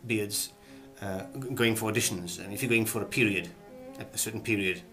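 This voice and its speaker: A man's voice: on the low side, fairly quick, fairly bright tone, soft background music. A middle-aged man hosting a comic monologue of acting advice, rambling and hesitant with a theatrical flair.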